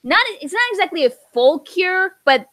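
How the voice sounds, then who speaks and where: A woman co-hosting a podcast in casual chat, halting and full of restarts as she gathers her thoughts. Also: very high-pitched, animated, sharp tone, dry recording. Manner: halting, many fillers and restarts. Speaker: podcast co-host.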